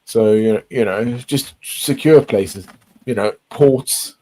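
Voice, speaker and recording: A man's voice: medium pitch, takes it slowly, mellow, rough recording. A man chatting casually, rambling and repeating himself, swearing often. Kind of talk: casual chat.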